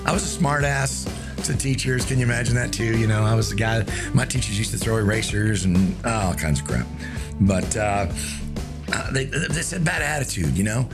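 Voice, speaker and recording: A man's voice: fairly low pitch, lively intonation, normal speed, music in the background. A man hosting a casual motivational talk, folksy and joking, with lots of fillers. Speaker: host of a motivational show. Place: streaming live.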